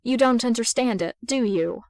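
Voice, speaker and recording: A woman's voice: medium pitch, measured pace, clean tone, no echo, natural voice. A woman voicing a bitter, contemptuous drugged young son in a fan audiobook reading. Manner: spitting, contemptuous.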